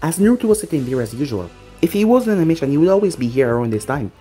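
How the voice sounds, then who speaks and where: A narrator reading a fan-fiction story aloud in an expressive way. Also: mid-range voice, racing, slightly rough, soft background music.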